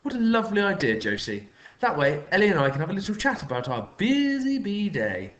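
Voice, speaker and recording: A man's voice: high voice, huge pitch swings, a little fast, a bit bright, muffled recording, pitched above the performer's own voice, full character voice. A man voicing a scheming middle-aged woman neighbour who talks in a sugary, trilling way full of pet names.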